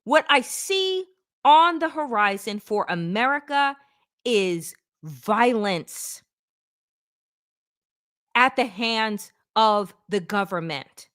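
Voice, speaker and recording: Woman political show host, blunt and sarcastic, high lively voice, unhurried. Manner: emphatic, blunt, sarcastic, swears freely. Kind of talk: opinionated political commentary.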